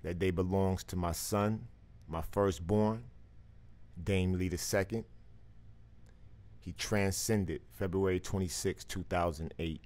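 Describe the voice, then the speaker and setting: Man, booming radio host voice, deep, slow reflective delivery. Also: steady tone, darkish tone. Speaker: live stream radio host. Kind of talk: reflective monologue and call-in chat.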